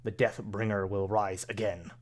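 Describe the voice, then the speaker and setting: Male GM voicing a contemptuous villain overlord; low, quiet, commanding. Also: flat delivery, normal speed, natural voice. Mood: cold scorn.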